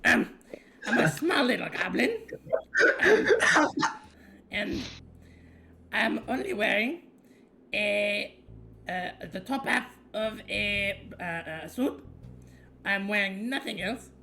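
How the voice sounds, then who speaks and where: A woman playing a tabletop game, describing her character hesitantly, with frequent pauses and giggles. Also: medium pitch, lively intonation, gravelly, noisy background. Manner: hesitant, giggly, many ums. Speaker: player.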